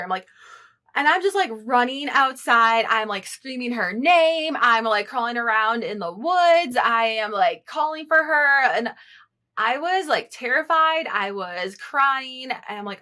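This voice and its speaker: A woman co-hosting a podcast, telling stories in an animated, casual way and swearing freely. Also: fairly high pitch, a little slow. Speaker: podcast co-host. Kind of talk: casual chat.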